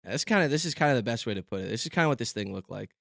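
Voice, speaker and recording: A man's voice: mid-range voice, animated, racing, creaky, no room sound, studio quality. A young man streaming casually, rambling with fillers and restarts, joking and poking fun at himself. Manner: joking, self-mocking.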